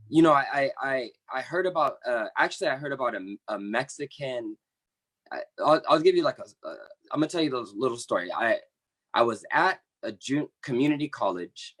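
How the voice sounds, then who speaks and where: An earnest man in his thirties shares his personal story on an online panel. He speaks with conviction but stops and restarts often. His voice sits at an ordinary mid pitch, heard over a video call. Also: a bit bright. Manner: earnest, impassioned, with halting restarts. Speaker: membership coordinator of an activist group.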